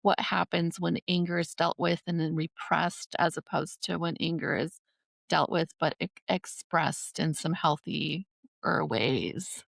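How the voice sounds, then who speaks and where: A woman's voice: deep voice, fairly even intonation, unhurried, creaky, fairly bright tone, dry recording. A woman hosting a podcast, asking questions tentatively and hedging as she goes. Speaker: podcast host. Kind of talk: casual podcast interview.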